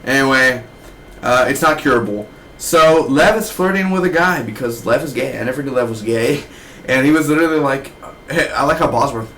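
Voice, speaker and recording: Young male reviewer, loose and slangy, mid-pitched voice, rambling delivery. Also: expressive, a little fast, bright, forceful tone, slight background noise, rough recording. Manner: slangy, loose, keeps saying man and dude. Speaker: TV show reviewer.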